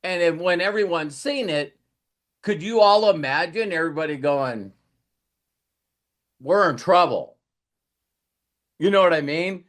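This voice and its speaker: Speaking at a moderate pace in a slightly high, somewhat bright voice, a male coach gives a motivational talk. He rambles as he retells stories and performs the lines of the people in them.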